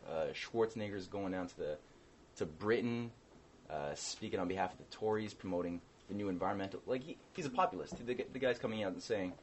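Male co-host, lowish voice, rambling delivery full of restarts, faint background hiss. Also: a little fast. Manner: rambling, hesitant, with many restarts. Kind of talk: casual political chat.

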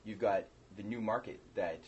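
Male co-host, lowish voice, rambling delivery full of restarts, faint background hiss. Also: normal speed, a little mellow, muffled recording. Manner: rambling, hesitant, with many restarts. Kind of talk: casual political chat.

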